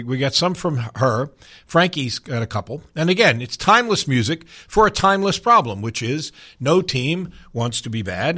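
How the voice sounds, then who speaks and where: A man's voice: medium pitch, fairly bright tone, breathy edge. An older man hosting a sports radio show in a studio, talking in a folksy, rambling way with bursts of mock anger. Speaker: radio sports talk host. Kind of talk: casual sports radio talk.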